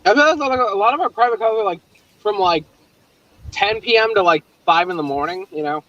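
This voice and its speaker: A young man chatting casually on a livestream call, telling stories in an animated way and laughing often. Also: sits high, fairly quick, lo-fi sound. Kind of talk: casual chat.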